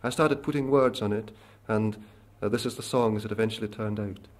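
A Scottish man in his thirties, a folk singer giving thoughtful spoken commentary between songs, pausing often with filler sounds. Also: lowish voice, fairly even intonation. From Scotland. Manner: thoughtful, hesitant, with frequent pauses and filler sounds. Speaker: folk singer and song collector.

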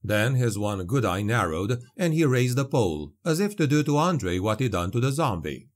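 A man reading a dark fantasy story aloud as an audiobook narrator, measured and vivid. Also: medium pitch, sing-song.

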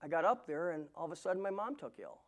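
Speaking fast with lively intonation and a fairly high pitch, a middle-aged man recounts his own story during a church sermon. He's the guest preacher in the sanctuary, sincere but prone to stumbling and restarting.

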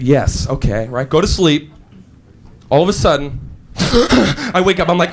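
A man doing animated stand-up comedy, shouting and switching between voices. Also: on the high side, normal speed, slight background noise. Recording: live club with audience laughter.

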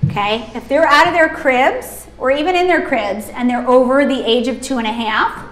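A woman's voice: high-pitched, normal speed, fairly bright tone, reverberant. A woman sleep consultant teaching a workshop, chatty and emphatic, acting out babies and parents as she explains.

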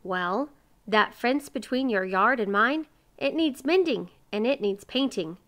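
A woman's voice: on the high side, animated, unhurried, fairly bright tone. A woman voicing kindly, bossy neighbor women who talk in a coaxing, cheerful way.

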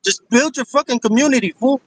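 A man's voice: extremely high pitch, fairly quick, fairly bright tone, no echo, rough recording. A male caller arguing on a call-in show, taunting and profane, heavy on slang. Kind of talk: heated call-in argument.

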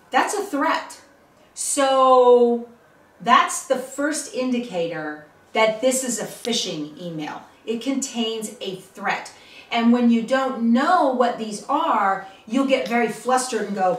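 A woman's voice: on the high side, expressive, unhurried, far from the mic. A middle-aged woman hosting a casual tutorial, chatty and emphatic, often checking in with her viewers. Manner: chatty, emphatic, checks in with "okay?" and "all right?". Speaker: channel host teaching online safety. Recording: roomy, from the mic.

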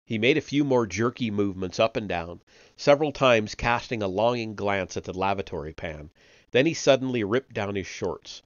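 A man reading a novel aloud live, measured, with occasional slips and self-corrections. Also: lowish voice, animated, no echo, highs cut off. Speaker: reader of an online book series.

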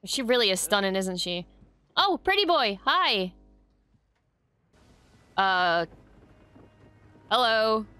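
A woman hosting a reaction video, excitably commenting, gushing and swearing freely. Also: mid-range voice, slow pace, long pauses, smooth.

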